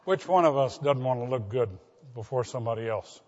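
A man's voice: medium pitch, brisk, darkish tone. An older man, a pastor delivering a sermon in an earnest way, asking his congregation direct questions. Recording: dull recording with long hall reverb.

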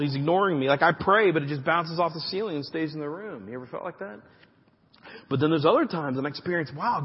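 A pastor preaching a conversational sermon, with frequent direct asides to the congregation. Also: male voice, fairly high pitch, breathy edge, big-room sound, lo-fi sound.

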